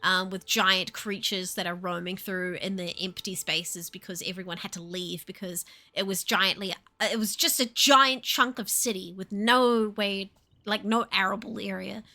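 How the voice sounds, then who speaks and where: A young woman chatting casually on a livestream, animated, laughing often and swearing. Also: mid-range voice, moderate pace. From New Zealand. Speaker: streamer.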